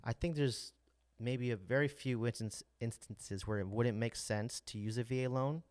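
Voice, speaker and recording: A man's voice: medium pitch, normal speed, darkish tone, no room sound, clean studio sound. A man hosting a casual podcast as a real estate agent, talking loosely with many restarts and tag questions. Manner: loose, rambling, lots of restarts and "right?".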